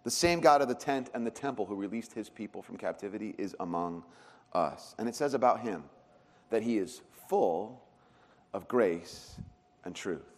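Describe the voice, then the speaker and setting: A man preaching a sermon as a pastor, telling stories with animated swings in pitch and loudness. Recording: long reverb of a large hall.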